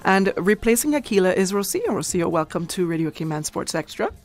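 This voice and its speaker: A woman hosting a radio sports show, interviewing a guest in an upbeat, encouraging way with quick affirmations. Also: on the low side, very animated. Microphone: studio mic.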